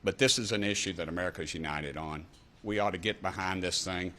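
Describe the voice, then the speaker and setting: A man's voice: low-pitched, a little fast, sharp tone. A man in his sixties with an East Tennessee accent, giving fiery, folksy press conference remarks with punchy repeated refrains. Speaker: congressman.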